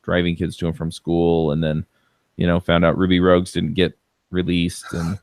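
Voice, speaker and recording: Podcast co-host, male, deep and dry, rambling casual delivery with fillers. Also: normal speed, no echo. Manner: relaxed storytelling with many fillers.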